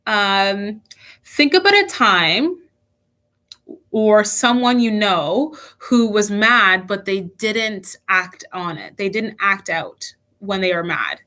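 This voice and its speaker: A woman's voice: mid-range voice, animated, takes it slowly, pushed and bright. A young woman leading a children's church lesson online, telling a personal story earnestly with frequent restarts.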